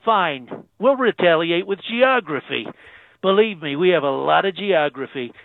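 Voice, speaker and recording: A man's voice: on the high side, animated, normal speed, vocal fry, no room sound. A man doing an impression of a boastful male president, calling in by phone, bragging and repeating phrases for emphasis. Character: boastful brash male president, self-praising. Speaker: phone-in guest. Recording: tinny phone line.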